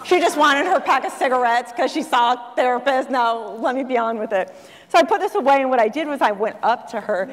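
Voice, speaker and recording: A woman with a high voice tells a story from the stage of a large conference hall. She acts out the voices of the people she quotes, and the sound rings with a long hall reverb. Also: expressive, a little fast. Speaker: speaker at a conference. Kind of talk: storytelling talk to an audience.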